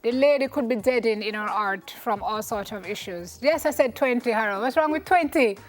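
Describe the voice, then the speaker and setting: A woman's voice: a little high, normal speed, faint music behind. A young Jamaican woman co-hosting a morning TV show, frank and teasing as she gives advice. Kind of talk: casual chat. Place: TV studio.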